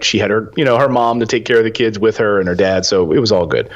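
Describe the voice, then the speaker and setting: A man in his forties telling a story as a podcast guest, animated and acting out the dialogue. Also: lowish voice, quick pace, few pauses. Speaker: podcast guest, real estate investor. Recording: dull lo-fi audio.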